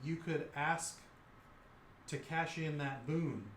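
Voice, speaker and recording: A man's voice: a little high, slow, fairly bright tone, reverberant, slight background noise. A man narrating a tabletop game as game master, playful and rambling.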